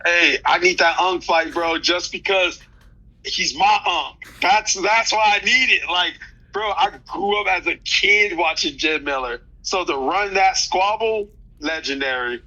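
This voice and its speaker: Man, 30s, fighter guest, casual slangy rambling, very bright tone. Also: high-pitched, unhurried, lo-fi sound. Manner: loose, rambling, slangy, many restarts. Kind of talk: casual interview chat.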